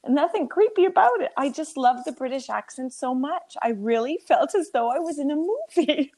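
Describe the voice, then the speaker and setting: Woman, podcast co-host, casual chat, animated storytelling, fairly high pitch. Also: moderate pace. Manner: chatty, laughs often, animated storytelling.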